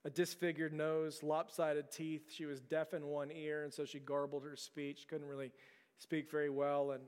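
Earnest preacher with a smooth voice in a reverberant hall. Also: male voice, a little high, level tone, moderate pace, darkish tone. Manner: earnest storytelling with repeated words and restarts. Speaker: pastor. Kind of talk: sermon.

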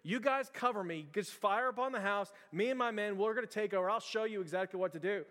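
A man's voice: sits high, fast talker, fairly bright tone, in a large hall. A man playing a fiery, impatient army general who scolds in urgent, raised bursts. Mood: fierce.

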